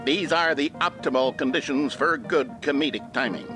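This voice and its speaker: A man's voice: on the high side, moderate pace, lightly acted. An actor playing an upbeat, earnest male announcer in an instructional film within a video game. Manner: upbeat, earnest, mock-educational. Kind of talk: scripted narration. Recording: narration over clear music.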